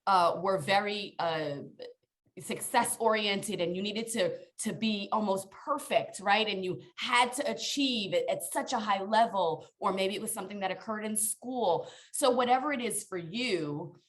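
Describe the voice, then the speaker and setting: A woman's voice: medium pitch, a little slow. A woman guest on a podcast, a coach telling her own story in an earnest, emphatic way and speaking straight to the listeners. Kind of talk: podcast interview, personal storytelling.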